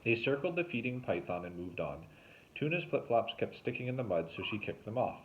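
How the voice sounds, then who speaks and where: A man, a teacher, reading a novel aloud with expressive storytelling. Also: brisk. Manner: expressive storytelling with lively pitch. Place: home, remote recording. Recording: tinny phone-like sound.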